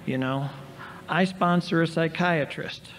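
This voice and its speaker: A man's voice: a little high, measured pace, a bit bright. A man in his sixties telling stories with wry, self-mocking humor as a speaker at a recovery meeting, recorded in a large convention hall. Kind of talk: storytelling speaker talk. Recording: reverberant 1990s hall tape with faint hiss.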